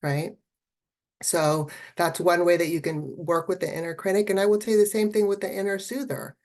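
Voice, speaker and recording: Low-voiced woman art therapist giving a talk. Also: fairly even intonation, fairly quick. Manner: warm, encouraging, often adds "right?". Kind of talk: festival talk.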